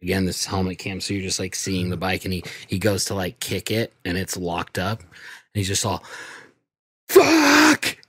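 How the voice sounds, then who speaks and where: Young man, podcast co-host, very deep voice, laid-back storytelling, swears, dry close sound. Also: little pitch movement, a little fast, dry recording. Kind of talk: casual chat.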